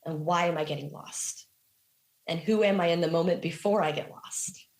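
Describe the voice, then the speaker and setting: A woman musician being interviewed, telling stories in a reflective, animated way with casual fillers. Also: on the low side, normal speed. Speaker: guest musician. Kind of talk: conversational interview.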